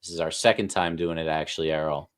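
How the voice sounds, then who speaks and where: A man's voice: rumbling low, level tone, fast talker. A man hosting a casual sports talk show, playful and hyped, with mock-grand praise. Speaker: host.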